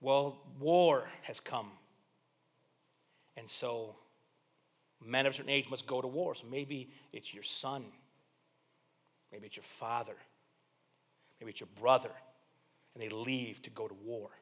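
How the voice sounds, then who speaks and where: A male pastor delivering a sermon, swinging from hushed, low passages to loud, excited proclamations. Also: unhurried, long pauses, slightly rough. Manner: dynamic preaching, dropping to hushed tones then rising to loud exclamations.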